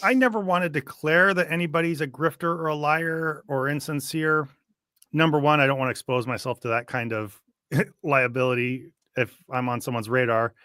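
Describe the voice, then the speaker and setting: A man hosting a casual reaction chat, talking in an animated, sarcastic way and laughing often. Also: a little high, moderate pace, smooth, dry recording, clean studio sound. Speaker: host.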